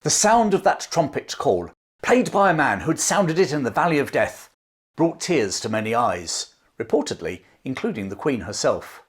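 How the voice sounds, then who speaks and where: A man's voice: medium pitch, sing-song, normal speed. A man narrating history in a scripted, dramatic storytelling manner, letting phrases fall away at their ends.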